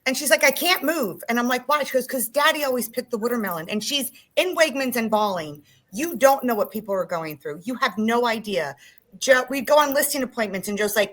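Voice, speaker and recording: A woman real estate agent speaking on a panel, telling emotional, animated stories about hard times. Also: a little high, brisk, low-quality recording. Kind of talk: candid panel talk.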